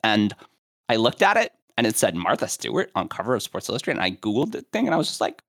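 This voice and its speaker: A man's voice: on the low side, huge pitch swings, quick pace, a bit bright, no echo, clean studio sound. A man co-hosting a podcast, telling rambling stories with hesitant fillers. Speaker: co-host. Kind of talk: casual podcast chat.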